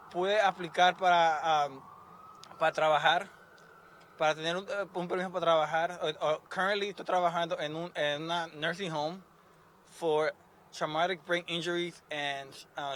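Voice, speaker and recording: A young man speaking at an outdoor rally as named plaintiff, halting and emotional, moving between English and Spanish. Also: on the high side, fairly bright tone. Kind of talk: emotional public speech. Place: outdoor rally outside a courthouse.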